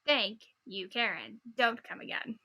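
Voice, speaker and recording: A young woman with a lilt co-hosts a chatty podcast, her voice bright and a touch high. She reads posts aloud in an animated way and keeps giggling mid-sentence. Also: measured pace. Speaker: podcast co-host. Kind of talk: casual chat, reading posts aloud.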